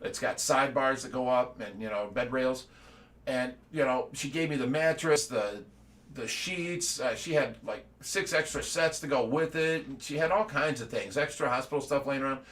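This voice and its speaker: A man's voice: medium pitch, moderate pace, fairly bright tone. A middle-aged man from the United States giving a casual livestream update, rambling and repeating words, with laughs between his stories. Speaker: fish rescue owner giving an update.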